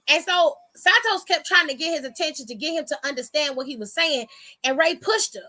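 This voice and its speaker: A high-voiced woman talks straight to her viewers in a casual vlog recap. She is sassy and chatty and swears freely, with a bright, ringing tone. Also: normal speed. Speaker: wrestling recap vlogger.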